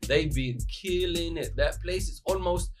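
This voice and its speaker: A man co-hosting a radio show, giving upbeat shout-outs to venues and breaking into playful sing-song chants. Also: fairly high pitch, measured pace, music in the background. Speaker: radio host.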